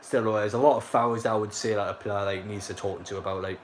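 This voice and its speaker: A man's voice: on the low side, steady tone, fast talker, slight background noise. A young man, casually commentating a football match live and chatting to viewers in a rambling way. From North East England. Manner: rambling, filler-heavy, reacts to chat.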